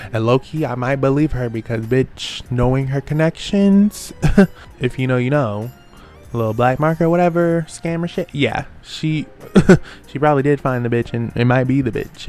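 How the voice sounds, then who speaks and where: A man recaps a reality show in a casual, sassy voice full of slang and quick throwaway asides. His pitch sits in the middle, and faint music plays under him. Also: a little mellow.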